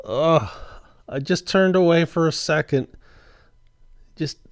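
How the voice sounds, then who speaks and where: Slow, dry-voiced man narrating pack openings. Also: fairly high pitch, dry recording. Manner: slow, deliberate, lilting commentary. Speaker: card collecting channel host. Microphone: voice-over recorded after the footage.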